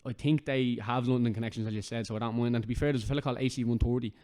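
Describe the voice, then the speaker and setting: An Irish man hosts a relaxed podcast chat at a brisk clip. His voice sits at an ordinary middle pitch. He drives his points home by saying them twice. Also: smooth. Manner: earnest, emphatic, repeats his points. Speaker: podcast host.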